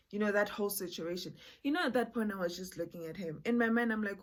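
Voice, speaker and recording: A woman's voice: medium pitch, a little fast, a bit bright. A woman, chatting to her viewers in a casual storytime vlog. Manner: chatty, addresses viewers as "guys", many fillers. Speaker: vlogger.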